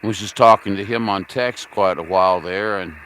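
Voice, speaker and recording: A man's voice: deep voice, normal speed, fairly bright tone. A man hosting a casual livestream while running a radio station, chatting in a folksy way and asking viewers for feedback. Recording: noisy room with radio static.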